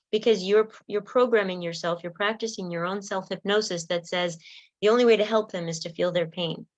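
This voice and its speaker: A woman's voice: fairly low pitch, dry recording, dull audio. A woman coach giving a spoken self-help lesson, earnest and direct, often acting out sample lines of what to say.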